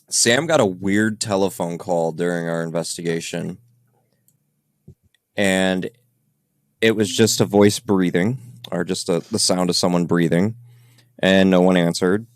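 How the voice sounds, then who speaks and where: A man's voice: low-pitched, dry recording, clean studio sound. A man who investigates the paranormal, chatting casually on a podcast about recordings his team captured. His talk is loose and rambling, full of fillers. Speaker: paranormal investigator reviewing evidence.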